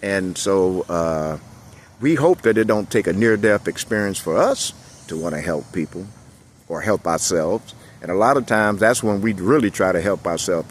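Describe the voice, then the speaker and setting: A man's voice: deep voice, a little hiss or hum. A middle-aged man giving a casual motivational monologue, folksy and rambling, chuckling often as he talks.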